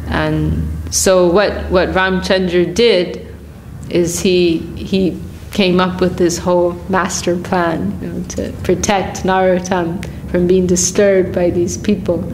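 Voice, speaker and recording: A woman telling a devotional story in a morning class, unhurried, with frequent restarts and soft laughs. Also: lowish voice. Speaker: class speaker.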